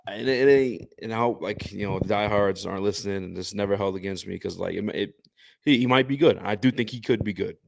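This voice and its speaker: A man co-hosting a casual sports chat, animated and joking, quick to tease. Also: on the low side, gravelly. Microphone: remote stream setup.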